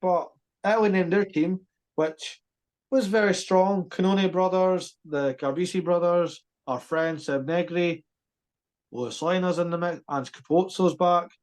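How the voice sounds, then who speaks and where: A man's voice: high-pitched, measured pace. A man hosting a casual rugby podcast, joking and bantering. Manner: jokey, lively banter. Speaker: podcast host.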